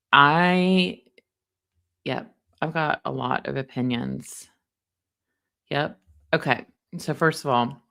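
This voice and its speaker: A middle-aged woman, chatting casually with livestream viewers in an animated, storytelling way. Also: a bass voice. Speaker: livestream host recapping a trial. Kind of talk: casual chat with live viewers.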